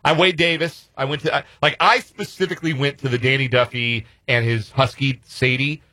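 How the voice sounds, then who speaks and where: A man's voice: medium pitch, steady tone, a little fast, bright, forceful tone, no room sound. A man hosting a sports talk radio show, chatting casually and rambling a little, laughing easily.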